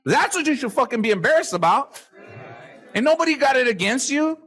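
A man's voice: very high-pitched, lively intonation, fairly quick, fairly bright tone, slightly rough. A man speaking as a motivational seminar speaker to a live audience in a hall, blunt and profane, talking into a handheld microphone.

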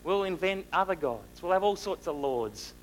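A man preaching a sermon, asking the listeners rhetorical questions and moving between loud and hushed delivery. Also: high voice, big pitch swings, normal speed, a little hiss or hum, poor audio.

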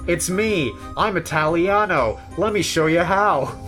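A man's voice: high-pitched, unhurried, over music. A man playing a crude, blunt Italian father speaking on a cassette tape.

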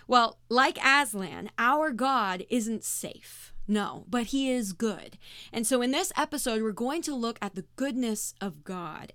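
A woman hosting a Christian teaching podcast, speaking in a clear, earnest way. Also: a little high, fairly bright tone, dry recording, studio quality. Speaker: podcast host.

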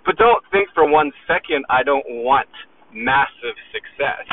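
A man's voice: mid-range voice, sing-song, measured pace, vocal fry. A man in his twenties rants about drive and success, swearing often and boasting in an intense, combative way. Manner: profane, intense, boastful, keeps asking "you know?". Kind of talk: motivational rant to camera. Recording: tinny phone-like audio with faint noise.

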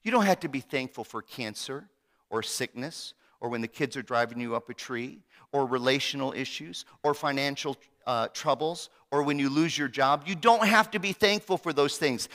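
A man in his fifties preaching a sermon, swinging dramatically between loud emphasis and hushed asides. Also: on the high side, moderate pace. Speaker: pastor. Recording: long hall reverb.

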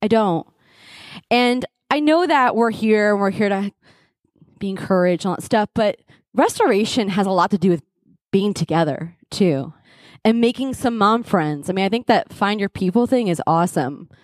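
A woman's voice: mid-range voice, expressive, moderate pace, no room sound. An American woman in her thirties telling a comic, self-deprecating story to an audience as a conference speaker. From United States. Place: live event stage.

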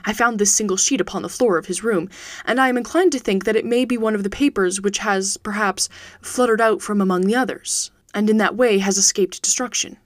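A woman's voice: medium pitch, brisk, no echo, studio quality, lightly acted. A woman voicing a troubled young man who tells his tale earnestly and anxiously.

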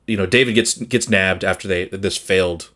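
A man co-hosting a podcast in casual chat, animated, laughing and swearing freely. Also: sits low, moderate pace. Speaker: podcast co-host.

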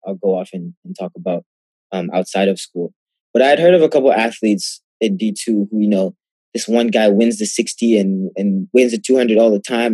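A man's voice: on the low side, breathy edge, no echo. A young man, a guest athlete, tells his story in a casual interview, acting out the exchanges he quotes. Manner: animated, acts out quoted exchanges.

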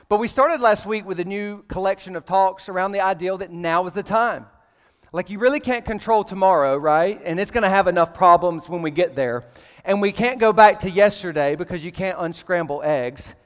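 A man's voice: high-pitched, clean tone. A man in his thirties from Alabama with a Southern accent, preaching a casual, joking sermon as pastor of a church. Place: church sanctuary. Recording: reverberant church hall.

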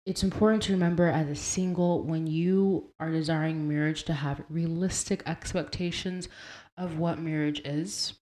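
A young woman hosts a faith podcast in a low, mellow voice. She talks earnestly and casually, reading scripture aloud and unpacking its words, now and then laughing at her own pronunciation. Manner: earnest, conversational, quotes and explains scripture. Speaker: podcast host. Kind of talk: Christian devotional podcast talk.

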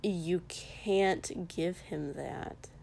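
Brief: woman doing a dry, grumpy male king, exasperated and wry, slow storybook pace. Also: mid-range voice, big pitch swings, darkish tone. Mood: deadpan.

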